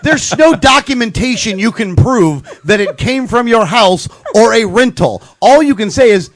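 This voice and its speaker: A man's voice: high voice, animated, normal speed, few pauses. A man co-hosting a casual talk show, telling a story with jokes and laughs. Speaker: show host. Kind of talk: casual chat.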